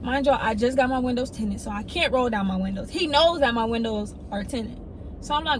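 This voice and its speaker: A woman's voice: a little fast, noisy background. A young woman, telling a story casually and acting out the people in it. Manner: animated storytelling, quoting others in excited high voices.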